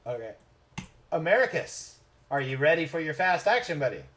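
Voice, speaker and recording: A man narrating a tabletop game as game master, playful and quick to laugh. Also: fairly high pitch, very animated, fairly bright tone, faint music behind.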